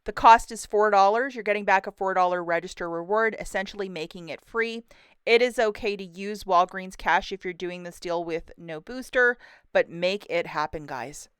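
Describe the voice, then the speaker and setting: A woman's voice: mid-range voice, normal speed, clean tone, no room sound, studio quality. A woman hosting her own couponing channel, walking through the week's store deals in a bubbly, chatty, upbeat way. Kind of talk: deal rundown vlog.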